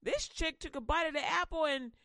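A woman's voice: sits high, a little fast, pushed and bright, no echo. A woman retelling a Bible story as comedy, with playful asides, close to the mic. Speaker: comic storyteller. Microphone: close microphone.

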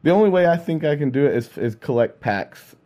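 A man's voice: fairly high pitch, lively intonation, fairly quick, warm tone. A man who is a musician and podcast co-host, talking casually and hesitantly, often trailing off. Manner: hesitant, trails off, self-doubting. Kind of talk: casual chat.

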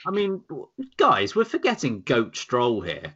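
A man hosts a casual podcast chat, joking and wry. His voice is bright and forward, with a pitch that jumps around a lot. The recording sounds dull and lo-fi. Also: huge pitch swings, measured pace, breathy edge. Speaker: podcast host.

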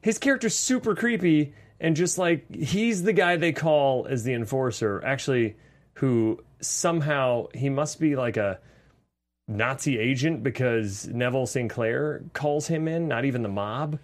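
A man in his thirties co-hosting a casual movie review podcast, animated and acting out quotes in silly voices. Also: medium pitch, a little slow. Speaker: podcast co-host.

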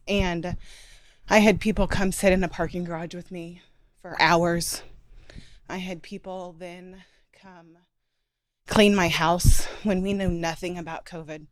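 A woman's voice: on the low side, steady tone, moderate pace, no room sound. Emotional young woman sharing, voice wavering. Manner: emotional, voice wavering, sometimes fading very quiet. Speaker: book group member. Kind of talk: personal sharing in a group.

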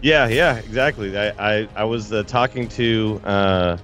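A man's voice: on the low side, unhurried, fairly bright tone, soft background music. Chatty male podcast co-host. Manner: chatty, laughing, storytelling. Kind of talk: casual podcast chat.

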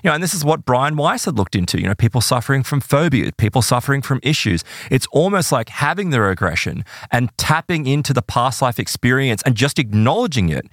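Animated man telling a story. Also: a little fast, few pauses, no echo, studio quality. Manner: animated, acts out quoted voices with big pitch jumps. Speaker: podcast guest telling case stories. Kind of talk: casual storytelling conversation.

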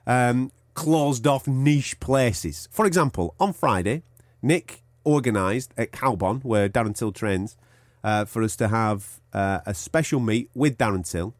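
A man's voice: mid-range voice, animated, a little slow, no echo. A man co-hosting a podcast in casual chat, telling stories with plenty of swearing and acting out other people's lines. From England, outside Liverpool. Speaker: podcast co-host.

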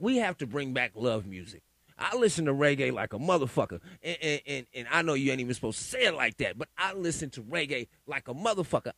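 A man hosting a solo podcast in a profane, animated rant, pleading and stammering through restarts. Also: a little high, vocal fry, slightly rough, no room sound. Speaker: podcast host. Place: home in Sacramento.

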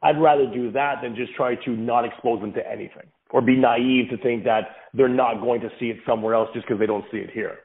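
An earnest man answers interview questions at a steady middle pitch. He talks through his ideas with down-to-earth examples. His voice comes through thin and tinny, like a phone line. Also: brisk, few pauses. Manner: earnest, reflective, explains with examples. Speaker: podcast guest, father of several kids.

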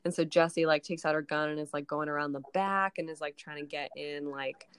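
A woman chatting on a podcast in a loose, rambling recap, peppering her story with "like" and cheerful swearing. Her voice sits a little low and is caught close and dry, with no room sound around it. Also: fairly even intonation, brisk, clean tone, dry recording. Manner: rambling retelling full of "like" and frequent swearing. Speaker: podcast co-host recapping a TV episode. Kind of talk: casual chat.

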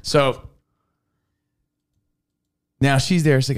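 A man on a podcast telling a funny story in casual chat, swearing and laughing as he acts out scenes. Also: fairly quick. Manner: animated, jumps high when acting out scenes; profane, laughing. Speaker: podcast co-host.

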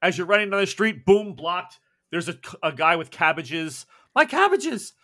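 A man's voice: on the high side, pushed and bright. A man narrating a tabletop role-playing game as game master, playful and often laughing. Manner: playful, laughing, quick voices for townsfolk.

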